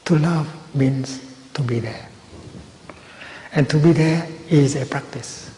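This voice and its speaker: Male Buddhist teacher giving a calm, measured retreat talk in a large hall, a faint hiss behind him. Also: fairly high pitch. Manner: slow, gentle, measured phrasing with long pauses. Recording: roomy hall with long reverb and faint noise.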